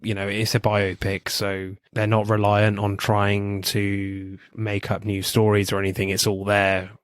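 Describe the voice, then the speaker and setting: A man's voice: fairly low pitch, completely flat delivery, measured pace, smooth, no room sound, studio quality. A man co-hosting a podcast, reviewing films in casual chat, laughing often and swearing freely. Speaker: podcast co-host.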